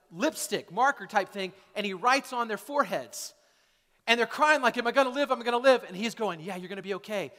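A man's voice: sits high, sharp tone. A male pastor preaching a sermon in a church, talking conversationally and often tagging his points with "right?" or "okay?". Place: church sanctuary. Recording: echoey hall.

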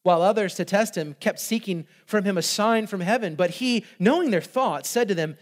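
A man preaching a sermon, reading scripture with lively asides, laughs and rhetorical questions. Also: sits high, a little fast, hardly any pauses. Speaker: pastor.

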